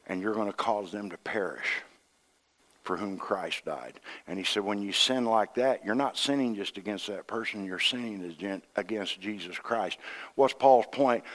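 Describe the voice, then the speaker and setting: A middle-aged man, an associate minister, preaching a sermon with folksy humor, acting out dialogue and swinging from hushed tones to loud outbursts. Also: on the low side. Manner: acts out dialogue in quoted voices.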